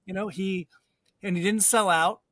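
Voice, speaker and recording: A man's voice: high voice, steady tone, normal speed, fairly bright tone, dry recording, clean studio sound. A man co-hosting a casual movie podcast, reading out trivia and reacting with amusement. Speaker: podcast co-host. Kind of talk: casual movie chat over drinks.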